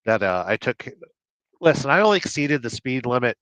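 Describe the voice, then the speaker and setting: A man's voice: medium pitch, very animated, a little fast, a bit bright, dry recording. Man, livestream host, rambling, joking, dry dull sound. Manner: rambling, joking, reads chat names aloud. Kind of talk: casual livestream chat reading comments.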